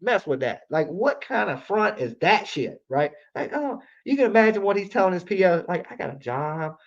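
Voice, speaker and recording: Male streamer, slightly high voice, swears constantly, rambles with lots of "like", casual live storytelling over dull lo-fi audio. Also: big pitch swings, normal speed. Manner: profane, rambling, repeats himself, heavy use of "like". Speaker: livestream host.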